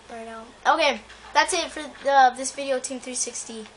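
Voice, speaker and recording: A woman's voice: high voice, moderate pace, low-quality recording. A woman giving live gameplay commentary as the channel host, anxious, talking to the game and repeating phrases over and over. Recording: clear steady background noise.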